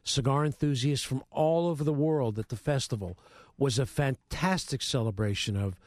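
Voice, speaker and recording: A man co-hosting a live radio talk show from a studio, speaking in a measured, enthusiastic way. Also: mid-range voice, darkish tone, no echo. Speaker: radio co-host. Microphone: studio microphone.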